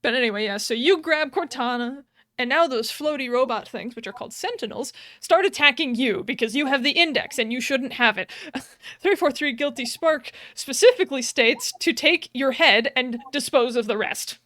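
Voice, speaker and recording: A woman's voice: high voice, expressive, normal speed, a bit bright, no room sound. A woman hosting a podcast, recapping a video game story in a giggly, rambling way with many fillers. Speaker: podcast host.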